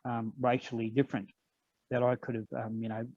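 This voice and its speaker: An older man with an Australian accent, telling personal stories as a guest in an online conversation, unhurried and with frequent ums. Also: mid-range voice, flat delivery, darkish tone, no room sound. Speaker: guest elder. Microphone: video call. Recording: dull lo-fi online call audio.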